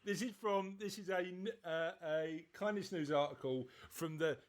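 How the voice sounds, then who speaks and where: Chatty man with a higher voice. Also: moderate pace. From southeast England. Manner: chatty, jokey, stumbles over words. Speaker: podcast co-host. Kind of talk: casual podcast chat, reading news aloud.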